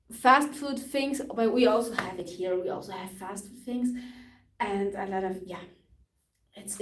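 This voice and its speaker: A woman's voice: medium pitch, far from the mic. Young woman with an Austrian accent, fitness trainer hosting a live chat, upbeat and laughing, recorded in an echoey room. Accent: Austrian German. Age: young adult. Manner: chatty and upbeat, laughs often, switches between English and German. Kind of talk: casual live-stream chat answering comments.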